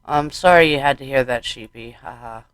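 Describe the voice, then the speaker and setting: A man reading the part of a grieving husband, soft and apologetic, holding back tears. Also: medium pitch, normal speed, clean tone, dry recording, close to an everyday voice.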